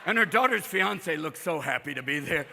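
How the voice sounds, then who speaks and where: A man doing a live stand-up set, manic and profane, jumping in and out of quick impressions. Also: fairly high pitch, expressive, gravelly. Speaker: stand-up comedian. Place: on stage before a live audience. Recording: live crowd laughter, noisy hall.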